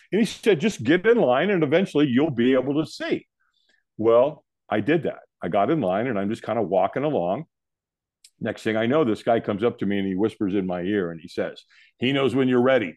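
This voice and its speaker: An older man from California, a podcast guest telling a personal story in a lively way, acting out the other people's lines. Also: medium pitch. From California, USA. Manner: animated storyteller who acts out the quoted voices. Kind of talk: storytelling in an interview.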